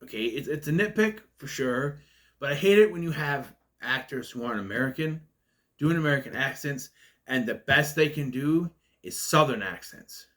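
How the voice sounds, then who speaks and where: Male film reviewer with a stutter, ranty and nitpicky, mid-pitched, casual vlog delivery. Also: expressive, moderate pace, fairly bright tone. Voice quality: stutters, stalls on words. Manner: ranting, nitpicky. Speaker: movie reviewer.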